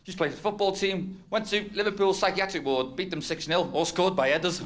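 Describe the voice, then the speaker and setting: The voice is a man's, high-pitched and a little fast: a stand-up comedian from North West England rambling and mocking himself on a club stage while often laughing at his own lines. Audience laughter fills the background of this noisy old club recording.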